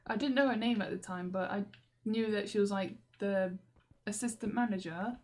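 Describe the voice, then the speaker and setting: A woman's voice: on the high side, moderate pace, darkish tone. A young woman, rambling and exasperated in a video diary, laughing often. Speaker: vlogger. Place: walking through a station.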